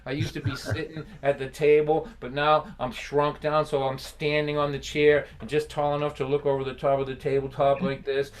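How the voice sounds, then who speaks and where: A man telling a personal story on a live stream in an animated, conversational way, often laughing. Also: on the high side. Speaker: folk singer and storyteller.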